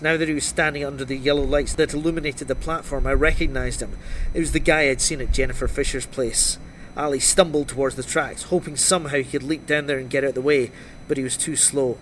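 Male narrator for a gritty first-person crime novel, slightly high voice, dry wry delivery. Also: slight background noise. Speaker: audiobook narrator.

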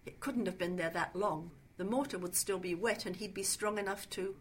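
A woman reading a suspense story aloud in a hushed, suspenseful manner. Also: lowish voice, moderate pace, hardly any pauses, a little hiss or hum. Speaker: story reader.

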